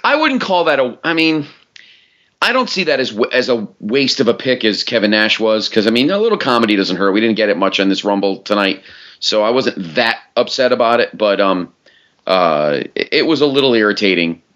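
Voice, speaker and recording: Animated man on lo-fi podcast audio. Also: brisk. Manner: animated, shifts pitch a lot when mimicking reactions. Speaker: podcast co-host. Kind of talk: casual chat.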